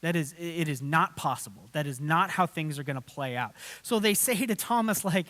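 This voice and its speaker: A man's voice: on the high side, animated, a little fast, hardly any pauses, fairly bright tone. A man, a pastor, giving a conversational sermon, acting out quotes from the story. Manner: conversational, with fillers and acted-out quotes. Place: church. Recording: long church reverb.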